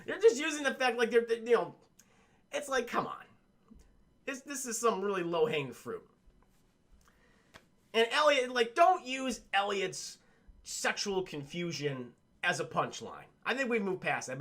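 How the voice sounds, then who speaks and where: A man's voice: sits high, big pitch swings, fairly quick, pushed and bright. A man reviewing a film on a livestream, rambling and swearing as he talks to his chat.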